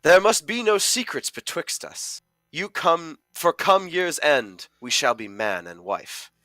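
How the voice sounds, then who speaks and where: A man reading a jilted young lover's lines in hammy Shakespearean verse, melodramatic and rising to anguished shouts. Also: fairly high pitch, expressive, a little slow, dry recording, voice pushed up. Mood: earnest.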